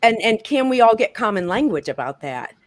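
A woman's voice: on the high side, very animated, a little fast, no room sound. A woman hosting a casual talk show over a video call, upbeat and laughing often. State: out of breath. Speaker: host.

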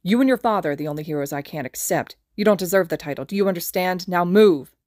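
A woman's voice: lowish voice, fast talker, a little mellow, no room sound, clean studio sound, close to an everyday voice. A woman voicing a cold, angry teenage boy hero who growls his words in a fan podfic reading. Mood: contemptuous. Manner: growling, contemptuous.

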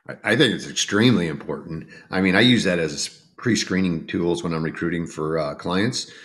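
A podcast co-host with a deep, fairly bright voice talks briskly and casually about recruiting. Reflective, he thinks aloud and often restarts his thoughts mid-sentence.

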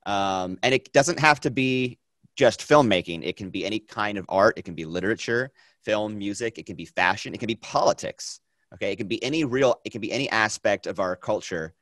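A man teaching a film class, lecturing in a chatty, energetic way, with many fillers and repeated phrases. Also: on the low side, fairly quick, no echo.

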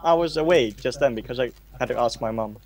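A man's voice: medium pitch, quick pace, dry recording. A teenage boy in casual game chat, giggly and laughing often. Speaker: gamer in voice chat.

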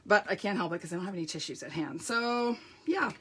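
Bright, chatty woman demonstrator, slightly croaky and sniffly, casual live tutorial. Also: on the low side, expressive, quick pace. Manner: chatty, laughs often, says "like". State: sniffly runny nose. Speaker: papercraft demonstrator.

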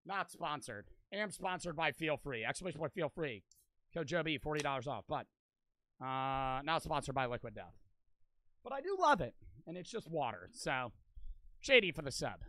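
A man's voice: on the high side, sharp tone, dry recording. A young man livestreaming for charity, casually thanking donors one after another, cursing constantly and a little out of breath.

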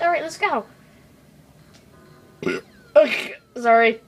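A young woman chatting casually while she plays a video game, excitable and rambling, switching between loud outbursts and quiet mumbling. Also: a little high, slow pace, pauses often, poor audio. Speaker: gaming video host. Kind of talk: casual gameplay commentary.

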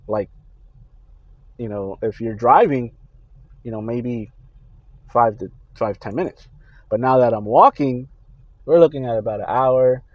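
A man on a Christian video channel recounting his dreams in a casual, halting way, with many fillers and restarts. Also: mid-range voice, no room sound, lo-fi sound.

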